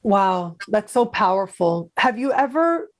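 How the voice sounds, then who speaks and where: A woman's voice: mid-range voice, big pitch swings, unhurried. A woman hosting a casual interview who asks chatty, enthusiastic questions with many fillers. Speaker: host.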